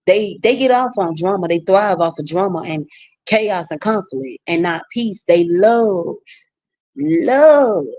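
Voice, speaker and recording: A woman's voice: lowish voice, lively intonation, slow, a little mellow, no room sound. A woman vlogger in a casual ranting monologue to her viewers, blunt and outspoken.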